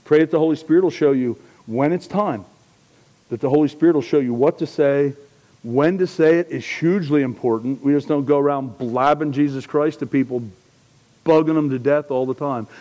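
A male pastor preaches with a relaxed, conversational ease, his voice sitting at an ordinary middle pitch. He slips in jokes, leans hard into his key points, then drops low and quiet to draw the listener close. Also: highs cut off. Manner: conversational and joking, swings from loud emphasis to hushed asides. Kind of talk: sermon.

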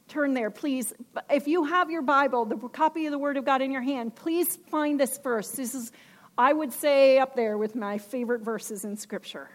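A woman preaching a sermon with emphasis, asking her listeners questions. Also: high voice.

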